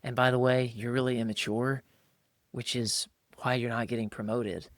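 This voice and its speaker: A man's voice: mid-range voice, little pitch movement, normal speed, dry recording, clean studio sound. A man co-hosting a casual podcast, talking colloquially, calling people "bro" and mimicking others' voices when he quotes them. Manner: colloquial, calls listeners "bro". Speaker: podcast co-host.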